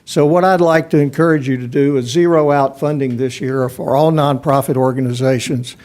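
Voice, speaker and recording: A man at the podium of a county commission meeting, speaking in a firm, even mid-range voice. He argues his points methodically and critically, one example after another. The sound is a meeting chamber picked up by a podium mic. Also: mid-range voice, moderate pace. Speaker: public commenter. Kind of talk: public comment at a budget hearing.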